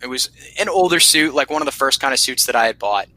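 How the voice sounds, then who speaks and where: A man hosting a podcast, telling a story in a casual, animated way, swearing freely and laughing often. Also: medium pitch, fast, rough recording. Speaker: podcast host.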